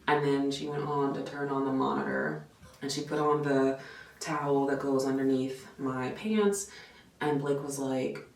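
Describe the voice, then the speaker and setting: Lady vlogger with a low voice, swearing and saying "like" nonstop, echoey room, mic kinda far. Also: normal speed. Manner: animated, swears freely, heavy use of "like". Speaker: vlogger and nurse. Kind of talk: casual storytime vlog. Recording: echoey room, mic at a distance, faint background noise.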